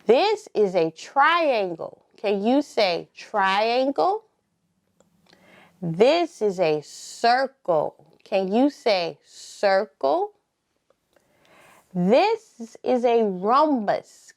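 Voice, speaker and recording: Woman, preschool teacher, circle time; high, bouncy, very slow call-and-response delivery. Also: darkish tone. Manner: slow, drawn-out prompting with call-and-response pauses; sing-song, encouraging. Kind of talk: circle time lesson for toddlers.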